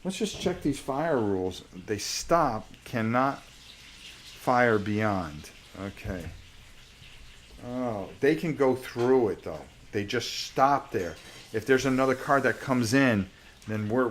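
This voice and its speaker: A man with a sore voice talks slowly through a solo board wargame on a live stream. He mutters to himself as he checks the rules, with a faint hum of noise behind him. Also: mid-range voice, lively intonation. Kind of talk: casual live-stream gameplay commentary.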